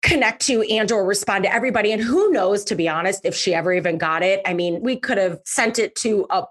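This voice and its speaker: A woman with a slightly husky, breathy voice hosts her podcast, telling a story in a relaxed monologue. She talks in a chatty way with fillers and punches key words by saying them again. Her pitch sits in the middle range for a woman. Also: fast talker. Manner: lively, emphatic, repeats words for effect. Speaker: podcast host.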